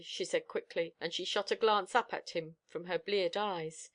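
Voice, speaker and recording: Expressive woman audiobook reader. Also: lowish voice, moderate pace, few pauses.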